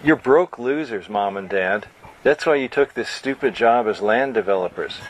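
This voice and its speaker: A man voicing a rude, bratty young male alien bird in a storybook reading, with sneering, rapid taunts. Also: on the low side, expressive, a little hiss or hum, natural voice, rough recording. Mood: scornful.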